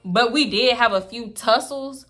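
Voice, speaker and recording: A young woman spills a personal story straight to camera, blunt and animated. Her voice sits high and sharp-edged, bright and forward, and she swears freely as she talks. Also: a little slow. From Houston, Texas. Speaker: storytime vlogger. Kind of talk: casual storytelling.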